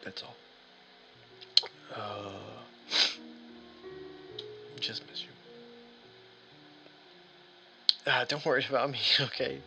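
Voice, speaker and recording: Casting: a man as a lost, worn-out trucker calling home, halting and stammering, gravelly and bright. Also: medium pitch, faint music behind, heavily acted, rough recording. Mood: lost, rambling. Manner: halting and stammering, with nervous laughs. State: exhausted and aching. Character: lost, shaken long-haul trucker man calling his dad. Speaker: solo tabletop game player. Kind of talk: first-person in-character monologue.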